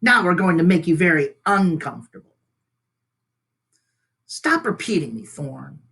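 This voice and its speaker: A man's voice: a little high, very animated, measured pace, gravelly, pushed and bright, slightly rough, pitched above the performer's own voice, exaggerated voice. A man reading aloud as a bossy, sarcastic female bear, sneering and menacing.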